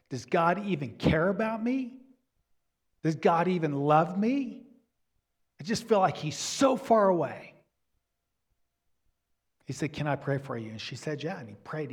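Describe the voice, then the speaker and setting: Husky man preaching a sermon. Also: on the high side. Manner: earnest, drops to soft near-whisper for emphasis. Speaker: pastor.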